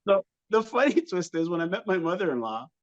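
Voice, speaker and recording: A man's voice: sits high, brisk, muffled recording. A man from Canada, a comedian guest, telling comic stories and laughing often as he talks. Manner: animated, laughing often, jumps into impressions. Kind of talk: comic storytelling.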